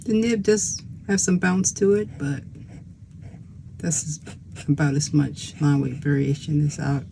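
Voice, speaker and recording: A YouTube pen reviewer chatting casually while showing fountain pens, in an easygoing, unhurried way with frequent small restarts. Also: mid-range voice, steady tone, creaky, dark tone, a little hiss or hum, poor audio. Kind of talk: casual show-and-tell chat.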